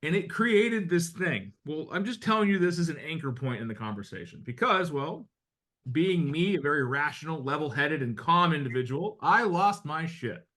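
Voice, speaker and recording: Bright-voiced, blunt American sales coach. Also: male voice, on the high side, animated, moderate pace. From United States. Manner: blunt and conversational, with mild swearing. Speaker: real estate sales coach. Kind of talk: motivational talk to agents.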